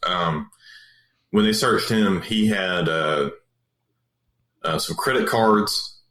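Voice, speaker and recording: A man's voice: sits low, takes it slowly, fairly bright tone. A man, a police officer, telling a story in a casual, rambling way with many fillers and restarts. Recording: roomy echo.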